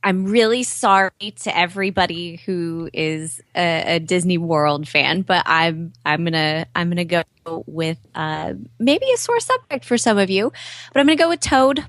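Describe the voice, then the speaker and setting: Woman on a podcast telling a lively story, laughs between bits, dry close mic. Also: fairly low pitch, moderate pace, no room sound. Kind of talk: casual podcast chat.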